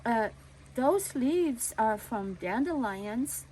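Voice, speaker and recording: A woman's voice: a little high, lively intonation, very slow, darkish tone, slight background noise, low-quality recording. A woman voicing an eager ten-year-old girl. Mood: earnest.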